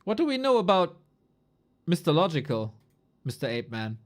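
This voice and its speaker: A woman's voice: on the low side, very animated, moderate pace. A woman esports caster chatting casually on a live stream, loose and playful, swearing and chuckling as she goes through rankings.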